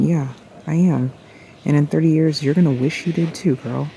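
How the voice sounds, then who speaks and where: A woman's voice: low-pitched, normal speed, creaky, warm tone, a little hiss or hum. A young woman vlogging outdoors at a park into a handheld camera, slangy and swearing freely as she thinks aloud. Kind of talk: casual vlog talk.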